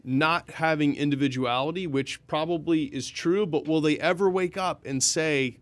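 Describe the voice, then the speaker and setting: A man's voice: on the high side, normal speed, no room sound. A man in casual podcast chat, reflective and chiming in often. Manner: reflective, frequent agreeing interjections.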